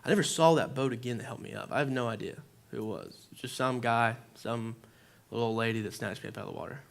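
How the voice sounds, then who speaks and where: In a church, a young male preacher delivers an informal sermon at a fast clip, his medium-pitched voice gravelly. He tells a personal story conversationally, saying "like" constantly and acting out his own reactions.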